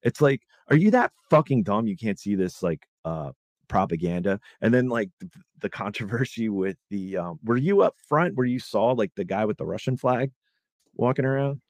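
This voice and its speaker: Casting: low-voiced man, heated profane rant, dry close sound. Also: lively intonation, moderate pace, dry recording. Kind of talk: casual political chat.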